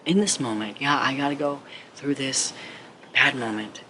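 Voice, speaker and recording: A man's voice: medium pitch, moderate pace. A man talking straight to camera as a motivational speaker, earnest and rambling, with lots of 'like'. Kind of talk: casual direct-to-camera talk. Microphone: camera mic. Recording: clear steady background noise.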